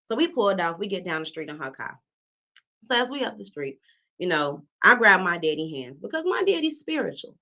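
A female comedian from Chicago's South Side tells a story on stage in a fairly low, brisk voice, calling the audience "y'all" and animatedly acting out the characters. The audio quality is poor.

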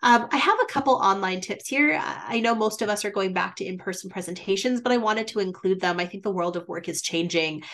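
Woman, mid-pitched voice, webinar instructor, coaching tone, varies volume and pace, frequent fillers. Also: a little fast, hardly any pauses, a bit bright. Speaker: business presentation instructor. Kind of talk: webinar presentation.

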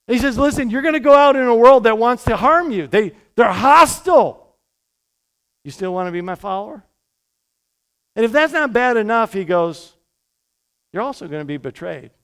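Male pastor, high clear voice, lively conversational sermon delivery. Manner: energetic, conversational preaching with quick asides. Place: church sanctuary.

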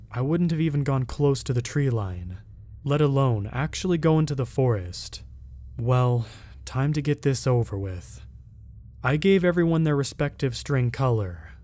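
A man telling a first-person scary story at a middle pitch. He keeps his delivery steady and measured and reads the other characters' lines in much the same voice. The effect is a plain, even storytelling read. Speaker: narrator. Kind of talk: scripted horror story narration.

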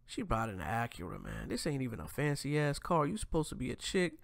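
A man talks through clips on his commentary show, speaking straight to his viewers in slangy, profane language. His voice is gravelly and swoops up and down with animated pitch. The recording is dry and close, with no room sound. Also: fast talker, no room sound. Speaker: host. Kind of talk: casual commentary reacting to clips.

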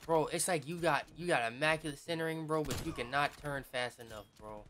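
A man giving casual gameplay commentary as a gaming YouTuber, slangy and profane, often shouting at the game. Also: a little high, fairly quick, noisy background.

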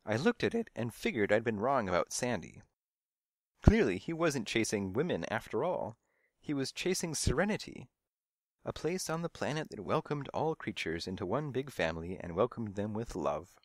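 A man's voice: medium pitch, big pitch swings, moderate pace, dry recording. A man narrating a first-person storybook mystery in a dry, wry manner. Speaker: audiobook narrator.

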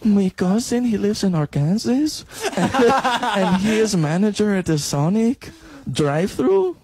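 A proud bragging relative speaking slow broken English, as a man puts it on. The pitch runs high and swings all over, with a husky edge. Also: big pitch swings, a little mellow, exaggerated voice.

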